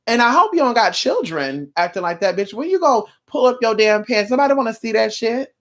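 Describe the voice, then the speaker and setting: A woman's voice: fairly high pitch, animated, fairly quick. A woman ranting in a casual vlog, sassy and blunt, with plenty of profanity and mocking asides. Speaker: vlogger.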